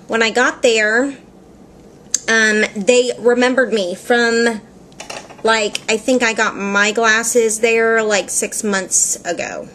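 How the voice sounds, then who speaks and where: A woman's voice: fairly high pitch, a bit bright, slight background noise. A woman vlogging in a chatty, rambling way, laughing often and filling her speech with "like" as she tells a story. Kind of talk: casual storytelling vlog.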